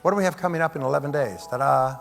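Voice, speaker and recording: A man's voice: on the high side, very fast, gravelly. Man, motivational seminar speaker, wisecracking, long hall reverb, faint music underneath. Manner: joking, rallies the audience to repeat phrases. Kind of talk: live seminar talk to an audience.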